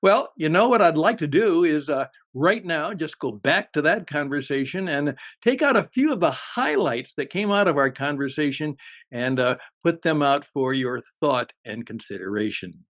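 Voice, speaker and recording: Lively-voiced male podcast host. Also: a little high, normal speed. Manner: reflective, short interjections. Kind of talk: podcast introduction and interviewing.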